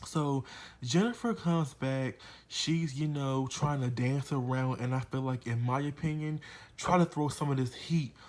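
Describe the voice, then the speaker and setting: A man's voice: medium pitch, a little slow. A man giving a casual recap of a reality TV episode, blunt and profane, with a gossipy, opinionated way of talking. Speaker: reality TV reviewer.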